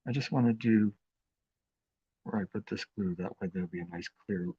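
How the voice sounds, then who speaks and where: A man hosting a live craft demonstration, talking in an unhurried, chatty way with plenty of fillers as he works with his hands. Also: fairly low pitch, mellow, slightly rough, dry recording, highs cut off. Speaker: craft demo host.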